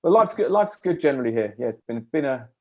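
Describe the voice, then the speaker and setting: A man's voice: mid-range voice, expressive, fast. A man from Australia, a guest chatting easygoing over a video call. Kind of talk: casual video call chat.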